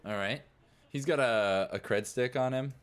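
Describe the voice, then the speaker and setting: A man's voice: medium pitch, unhurried, smooth. A man narrating as game master of a tabletop game, telling the scene in a loose, rambling way. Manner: loose, rambling storytelling full of "like".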